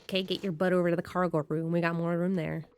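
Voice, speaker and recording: A woman reading a gruff, blustering male thief boss from a video game, boastful and commanding. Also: fairly low pitch, flat delivery, fast, darkish tone, natural voice.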